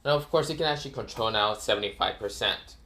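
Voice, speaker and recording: Male storyteller, low-ish voice, loose rambling retelling, lots of fillers. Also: quick pace, bright, forceful tone. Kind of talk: casual fan-story retelling.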